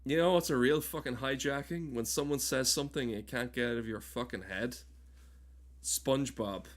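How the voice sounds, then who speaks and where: A male streamer chatting loosely over his gameplay, cursing freely and cutting himself off mid-sentence. His voice sits at an ordinary middle pitch, neither high nor low. He jokes with his chat as he plays. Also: moderate pace. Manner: rambling, swearing, self-interrupting, joking with chat. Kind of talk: casual gaming stream commentary.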